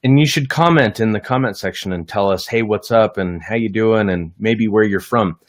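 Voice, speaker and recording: A man's voice: lowish voice, normal speed. A man appearing as a guest sales coach on a live video-call chat, upbeat and friendly with the audience. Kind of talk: casual live-stream chat.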